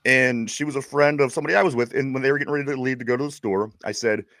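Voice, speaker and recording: A man's voice: mid-range voice, very fast, fairly bright tone, no room sound, clean studio sound. A man from Pittsburgh with a Pittsburgh accent, co-hosting a casual sports chat show, rambling and laughing as he stumbles over his words. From Pittsburgh, USA. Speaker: podcast co-host.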